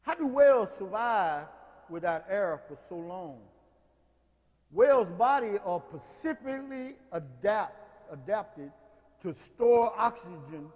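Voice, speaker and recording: A man pastor preaching a sermon in a folksy way, swinging from hushed talk to shouts. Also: sits high, big-room sound.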